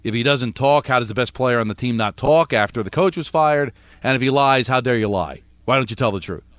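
A man co-hosting sports talk radio, arguing his case with rapid rhetorical questions. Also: medium pitch, fairly bright tone, no room sound.

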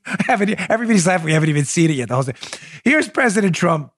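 A man hosting a political podcast, giving animated and sarcastic solo commentary that often slides into mocking asides. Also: high-pitched, quick pace. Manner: animated, sarcastic, breaks into laughter.

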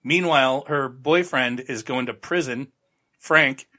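A man's voice: mid-range voice, a little slow, bright, forceful tone. A male podcast host giving a rambling, sarcastic, casual recap of a TV show.

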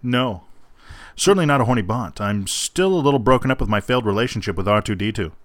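A man doing a comic impression of a famous actor's halting, dramatic delivery while reading his side of chat logs, on a close, dry mic. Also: on the low side, lively intonation, fairly bright tone, no room sound. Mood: deadpan dramatic. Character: William Shatner-style halting dramatic male speaker.

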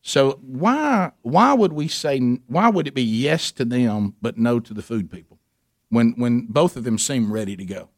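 A middle-aged man co-hosting a radio show tells a long story in casual chat, animatedly acting out the voices of its characters. His medium-pitched voice is unhurried, with studio-quality sound and no room noise.

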